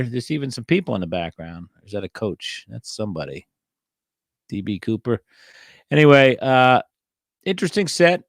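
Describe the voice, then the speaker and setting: A man's voice: lowish voice, no echo, clean studio sound. A man hosting a casual solo show about old trading cards, reading the card text aloud and joking wryly in an offhand way. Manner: wry, offhand, reads card backs aloud. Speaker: host.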